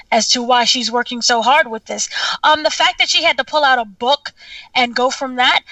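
A woman's voice: high-pitched, sharp tone, no room sound, distant mic, rough recording. A woman co-hosting a casual talk show, hesitant and searching for words. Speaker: co-host. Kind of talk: casual chat.

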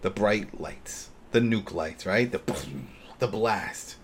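A man co-hosting a casual recap chat, retelling scenes with lively acted-out lines. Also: on the low side, takes it slowly, a little hiss or hum. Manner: animated retelling, acts out characters' lines. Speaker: podcast co-host.

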